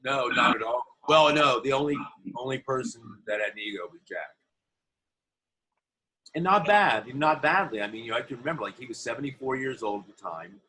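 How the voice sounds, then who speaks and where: A man, an actor being interviewed, telling animated anecdotes from film sets in a casual way. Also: mid-range voice, fairly quick, rough recording. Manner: animated anecdotes, acts out quoted voices. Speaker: actor guest. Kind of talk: interview storytelling.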